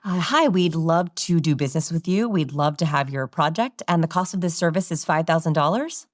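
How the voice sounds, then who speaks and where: A woman's voice: deep voice, expressive, extremely slow, dark tone, dry recording, clean studio sound, exaggerated voice. A woman playing a hesitant salesperson who lets statements rise at the end like questions. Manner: unsure, rising at the ends of statements. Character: hesitant adult salesperson pitching a price.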